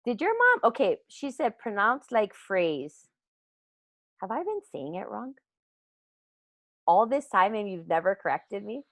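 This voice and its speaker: A woman hosting a team business call, chatty and self-mocking and quick to laugh, talking into a computer mic on a live call. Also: mid-range voice, very animated, fairly bright tone, no echo. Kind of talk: casual chat. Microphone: speaking into a computer mic on a live call.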